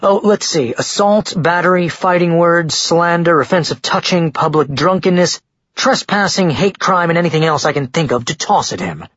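A man's voice: on the high side, fairly bright tone, slightly rough, no room sound, highs cut off, pitched above the performer's own voice. A man voicing a cocky, relentless male lawyer who reels off charges smugly. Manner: smug, brisk and raised.

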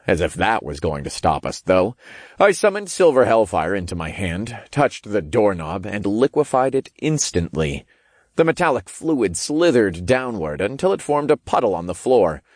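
Low, lively male audiobook narrator. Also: normal speed, no echo, studio quality. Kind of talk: first-person scripted narration.

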